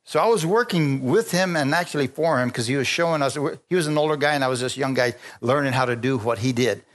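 A man preaching a sermon, telling stories with lively energy, stopping often to restart phrases and calling for amens. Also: mid-range voice, fast. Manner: animated storytelling with frequent restarts and calls for amen.

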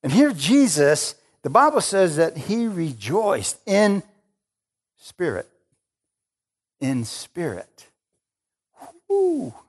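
A middle-aged man preaching in a lively, emphatic way. He keeps turning to his congregation for an amen and speaks in a plain, conversational voice. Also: fairly high pitch, slow pace, long pauses. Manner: emphatic, calls for amens, acts out Jesus with excitement. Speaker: pastor. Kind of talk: sermon.

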